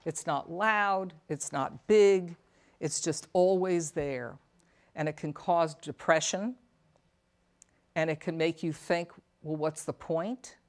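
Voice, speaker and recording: A woman with a low, grounded voice talks earnestly to a room of caregivers. She is middle-aged and speaks as a psychotherapist and elder care coach. She is reflective and often turns to the audience with questions. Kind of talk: talk to a caregivers' support audience.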